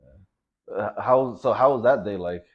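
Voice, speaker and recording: A man's voice: on the low side, a little slow, highs cut off. A man hosting a casual interview, asking questions and chiming in with short, affirming remarks. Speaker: podcast host.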